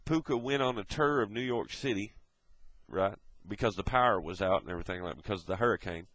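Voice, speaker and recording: A man's voice: fairly low pitch, brisk, fairly bright tone, dry recording, poor audio. A man delivering a blunt, profane ranting monologue, lecturing in a swearing tone. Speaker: video blogger.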